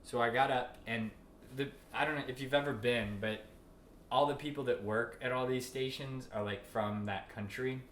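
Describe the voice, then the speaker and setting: A man's voice: medium pitch, steady tone, moderate pace, fairly bright tone. A man co-hosting a casual podcast chat, telling a rambling anecdote with lots of fillers. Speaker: co-host. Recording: echoey room, faint noise.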